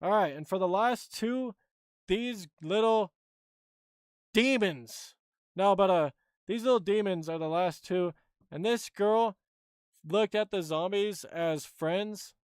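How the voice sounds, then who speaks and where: A man with a high, smooth, clear voice that's a little mellow hosts a live stream, chatting casually in a blunt, rambling way. He sounds offhand and throws out quick verdicts, with close, dry audio and no room sound.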